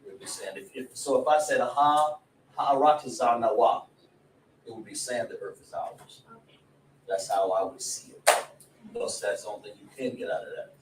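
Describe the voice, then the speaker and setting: A man teaching a religious class in a casual, animated way, laughing and drawing call-and-response from his students. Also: lowish voice, brisk. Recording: echoey room, voice from a distance, faint noise.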